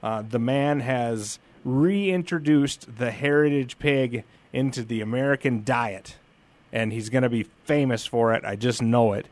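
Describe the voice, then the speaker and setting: A man's voice: mid-range voice, unhurried. A man hosting a casual interview, asking direct and playful questions. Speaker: host.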